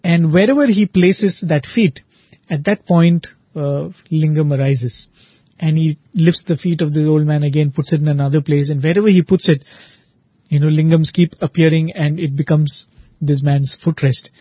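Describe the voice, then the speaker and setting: A man retelling a devotional saint story in a relaxed, conversational way, often pausing with "you know" and "uh". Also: fairly high pitch, breathy edge, no room sound, highs cut off. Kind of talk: spiritual storytelling talk.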